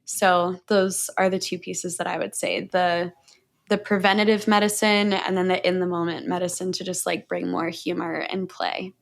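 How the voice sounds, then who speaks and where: A woman's voice: fairly low pitch, fairly even intonation, moderate pace, gravelly. A woman guest on a podcast, talking candidly and animatedly, swearing freely and laughing as she tells stories about relationships. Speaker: podcast guest, breathwork mentor. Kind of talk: casual podcast conversation.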